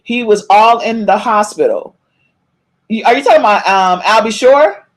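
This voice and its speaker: Woman host, somewhat high voice, casual animated gossip chatter with her live chat. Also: moderate pace. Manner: animated, reads chat comments aloud, shouts meow to viewers. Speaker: podcast host.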